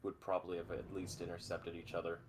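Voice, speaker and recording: A man's voice: low voice, monotone, fast talker, slight background noise. A man running a tabletop game as game master, chatting and laughing easily with his players over a voice call.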